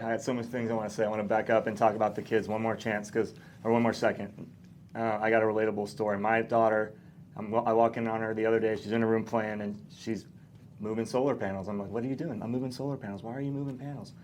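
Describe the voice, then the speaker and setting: A man hosting a casual podcast conversation, speaking earnestly and backing up his guest with steady agreement. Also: on the low side, fast, a little hiss or hum. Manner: earnest, frequent affirming interjections. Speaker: podcast host.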